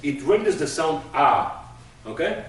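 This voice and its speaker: A man's voice: on the high side, sing-song, measured pace. Echoey man teaching a class. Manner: patient, explains with everyday examples. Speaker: Hebrew teacher. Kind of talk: classroom lesson. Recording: echoey room from far off, faint noise.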